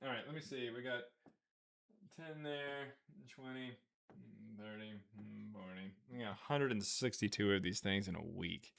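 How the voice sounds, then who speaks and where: A man's voice: on the low side, moderate pace, creaky, a bit bright, no echo. A man hosting a live stream, reading super chats in a casual, jokey, rambling way with many fillers.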